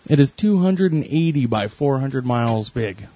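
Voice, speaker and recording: A man's voice: mid-range voice, expressive, a little slow, mellow, no room sound. A man chatting casually with a friend, telling rambling stories in a laid-back way. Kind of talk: casual chat.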